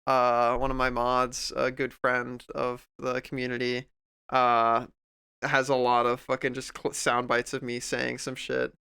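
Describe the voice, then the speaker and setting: A man's voice: medium pitch, monotone, measured pace, vocal fry, sharp tone, smooth, no room sound. A man streamer chatting casually while he draws, rambling and heartfelt, full of fillers and restarts, close to the mic at home. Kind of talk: casual livestream chat while drawing.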